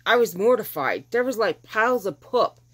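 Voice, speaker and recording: A woman's voice: medium pitch, very animated, moderate pace, husky. A middle-aged woman, casually telling a long rambling story and acting out what people said. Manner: chatty, rambling, acts out quoted dialogue. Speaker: vlogger telling her rescue story.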